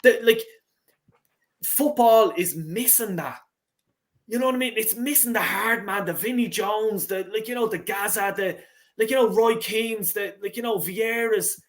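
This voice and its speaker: A middle-aged man with an Irish accent and a notably high voice, holding forth in a blunt, sweary, impassioned rant. He talks like a fan on a call-in show, thumping home every point. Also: measured pace. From Ireland. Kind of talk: heated casual football chat.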